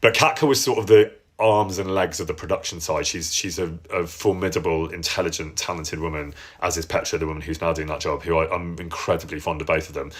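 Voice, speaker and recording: Man, very low voice, chatty live-stream Q&A, reflective. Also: steady tone, a little fast, few pauses. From English Midlands. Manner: chatty, reflective, reads out viewer questions. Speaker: voice actor hosting a live stream.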